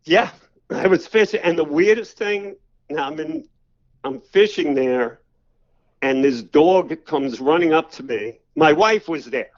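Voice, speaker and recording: A man's voice: on the high side, big pitch swings, a little slow, creaky. An older man speaks in a slightly raised register as he tells long personal stories, drifting through "you know" and "right?" fillers. The recording is a little dull and lo-fi. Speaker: podcast guest. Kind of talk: casual storytelling interview.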